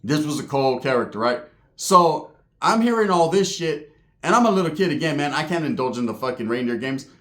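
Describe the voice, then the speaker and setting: A stand-up comedian from Southern California tells a long, profane, rambling story on stage, often tagging lines with "right?" His voice is fairly high, expressive, and a bit bright, and he speaks fairly quickly. The room is echoey.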